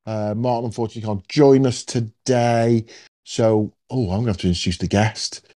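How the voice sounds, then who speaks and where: A man's voice: lowish voice, steady tone, normal speed, warm tone. A man hosting a podcast, chatting casually and jokily with plenty of ums. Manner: chatty, jokey, lots of ums. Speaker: podcast host. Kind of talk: casual chat.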